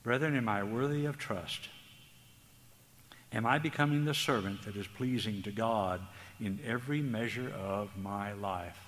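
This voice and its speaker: A man preaching a sermon, earnest and tender, speaking slowly with emphasis. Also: on the low side, fairly bright tone. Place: church hall. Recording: long hall reverb, faint background noise.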